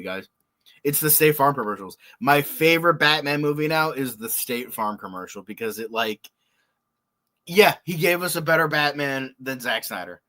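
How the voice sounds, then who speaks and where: A man hosting a casual reaction show, talking with a bright, forceful tone. His pitch leaps up and down as he rambles excitedly. He swears freely and piles on filler words. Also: normal speed. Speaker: podcast host.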